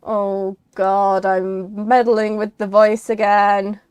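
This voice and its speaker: A young woman chatting casually while playing a game, rambling and breaking into excited exclamations. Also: mid-range voice, slow pace, clear, resonant tone, no echo. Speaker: streamer.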